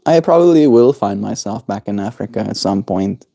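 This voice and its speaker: A man hosting a daily livestream, chatting in a relaxed, rambling way and chuckling to himself. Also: on the low side, moderate pace, creaky, dry recording, clean studio sound. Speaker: livestream host. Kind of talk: casual chat.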